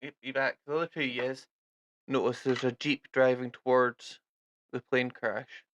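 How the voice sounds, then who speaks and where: Relaxed male game master narrating. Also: medium pitch, measured pace, dull audio, slight background noise.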